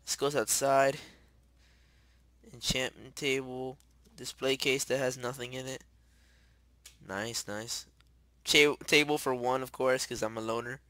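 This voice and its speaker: A young man giving rambling, excitable commentary while playing a video game. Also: mid-range voice, unhurried, pauses often, no room sound. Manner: chatty, rambling, excitable, shouts when startled. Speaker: gamer. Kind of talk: casual gameplay commentary.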